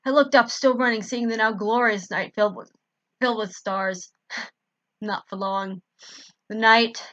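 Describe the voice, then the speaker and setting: Woman reading fan fiction, stops to fix misreadings, bright voice, dry dull lo-fi sound. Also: on the high side, fairly even intonation, unhurried, no room sound. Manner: stops to correct her misreadings. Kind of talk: amateur story reading.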